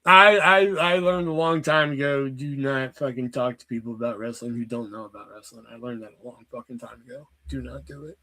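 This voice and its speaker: A man's voice: mid-range voice, brisk, hardly any pauses, bright, forceful tone. A young man telling a rambling, profane story in a casual vlog, with lots of fillers. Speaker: vlogger.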